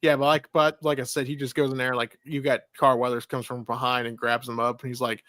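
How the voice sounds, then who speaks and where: A man's voice: medium pitch, level tone, brisk, fairly bright tone, no room sound, studio quality. A man co-hosting a casual film review chat, rambling, swearing freely and acting out movie lines. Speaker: podcast co-host reviewing a film.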